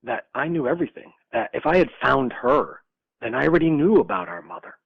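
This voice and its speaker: Gravelly man in his sixties telling a story. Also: fairly high pitch, a little fast, no room sound. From upstate New York. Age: 60s. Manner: animated storyteller, laughs often, acts out dialogue. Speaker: podcast guest. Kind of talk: storytelling interview. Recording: dull lo-fi dry sound.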